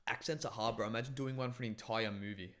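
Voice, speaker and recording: A man's voice: lowish voice, quick pace. A young man, co-hosting a podcast in a casual, jokey chat and swearing freely. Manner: animated, swearing, jokey, tries voices. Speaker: podcast co-host.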